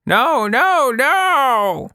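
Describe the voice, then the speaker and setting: A cranky older woman snaps in a high, strained voice, as a male storyteller puts her on. Her words come slow and drawn out. It is a storybook reading in a dry room. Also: wildly swooping pitch, creaky, bright, forceful tone, no room sound, full character voice. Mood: furious. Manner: high, strained, shrill in anger. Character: older woman, cranky, hooked on a phone game.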